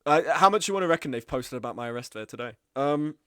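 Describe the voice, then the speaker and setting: A man, streaming and chatting casually, animated and blunt, with frequent swearing and mimicking of others. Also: fast talker, clear, resonant tone, no echo, studio quality. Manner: animated, swearing, acts out quoted people in higher voices. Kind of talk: casual live-stream commentary.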